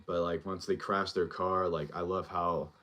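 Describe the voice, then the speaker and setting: A man's voice: low-pitched, little pitch movement, normal speed, a bit bright. A male show host giving a casual, rambling recap and review of a TV episode, full of fillers as he retells scenes.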